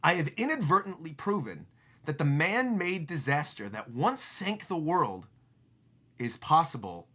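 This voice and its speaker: A man reading the lines of an elderly male genius scientist, slow and solemn, full of regret. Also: on the high side, very animated, bright, forceful tone, exaggerated voice.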